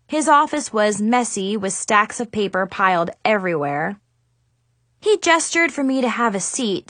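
Young woman reading a story aloud, lively and expressive, dry close mic. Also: mid-range voice, dry recording. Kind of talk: scripted audiobook narration.

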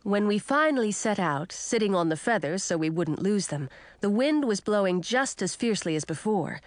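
A woman narrating a children's storybook aloud in an expressive, animated manner. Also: medium pitch, moderate pace, no echo. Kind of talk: storybook reading.

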